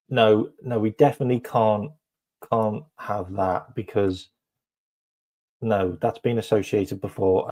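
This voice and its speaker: A man's voice: fairly low pitch, dark tone. A man hosting a casual live stream, chatting to viewers with lots of ums and repeated phrases.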